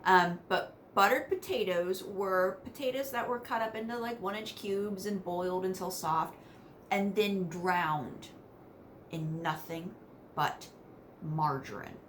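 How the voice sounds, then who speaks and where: Speaking in a fairly low voice at a measured pace, this vlogger from West Virginia tells family stories to the camera. She's chatty and casual, laughs between sentences, and adds animated asides; a faint hiss or hum sits underneath.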